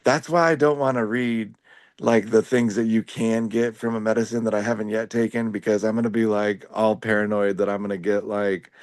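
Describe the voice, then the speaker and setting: A man's voice: fairly low pitch, level tone, brisk, no echo, studio quality. A man talking casually on a podcast about living with epilepsy, rambling with lots of filler words and a wry, joking manner. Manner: rambling, heavy use of "like" fillers.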